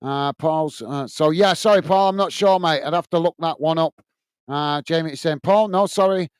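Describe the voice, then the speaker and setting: A man's voice: a little high, normal speed, clean tone, no echo. A British man hosting a live football watch-along, commentating on play and chatting to viewers, often calling them mate with plenty of fillers. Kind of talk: live match commentary and chat reading.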